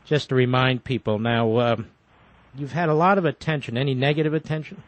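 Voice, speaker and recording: A man's voice: medium pitch, fairly even intonation, brisk, no room sound, muffled recording. A man hosting a talk radio show, speaking emphatically and interjecting often.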